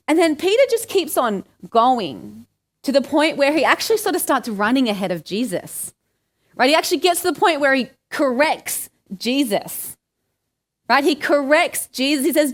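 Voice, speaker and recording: A woman's voice: sits high, animated, moderate pace. An Australian woman giving a conversational sermon, asking her listeners questions and acting out the lines she quotes. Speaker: preacher.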